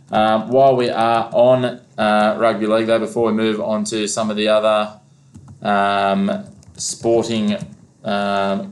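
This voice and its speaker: An Australian man hosting a local sports show, talking casually and calling his co-host "mate" often. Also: fairly low pitch. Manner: laid-back, says "mate" often.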